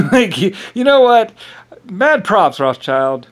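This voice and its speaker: A man talking in a rambling monologue, often laughing and mimicking others in quick quoted voices. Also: sits high, very animated.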